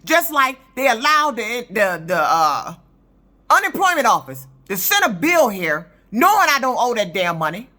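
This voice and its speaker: A woman's voice: fairly high pitch, very animated, moderate pace, pushed and bright. A woman in her fifties, a truck driver, telling a story in an indignant, profane, emphatic rant for her vlog. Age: 50s.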